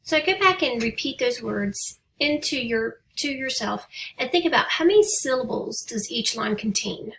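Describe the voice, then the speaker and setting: A woman teacher giving a writing lesson to young students, speaking patiently and reading example poems slowly and deliberately. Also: a little high, expressive, fairly bright tone, recorded from a distance, a little hiss or hum, rough recording. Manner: patient, encouraging. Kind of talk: recorded remote writing lesson.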